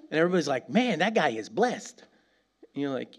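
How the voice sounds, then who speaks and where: A man preaching a casual, animated sermon, laughing often and acting out little dialogues. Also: on the high side, a little fast. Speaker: pastor.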